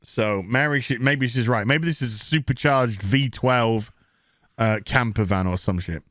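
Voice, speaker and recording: A man's voice: mid-range voice, fairly bright tone, no room sound, clean studio sound. A man recapping a TV episode in a casual, sarcastic, profane rant, mocking the scenes. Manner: mocks scenes in quick put-on voices. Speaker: TV show reviewer.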